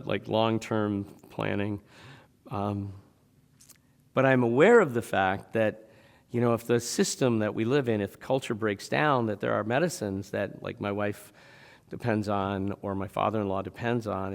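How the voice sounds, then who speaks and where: A man's voice: lowish voice, vocal fry, in a large hall. A man preaching a sermon in a church, talking conversationally and asking the congregation rhetorical questions. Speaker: pastor. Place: church sanctuary.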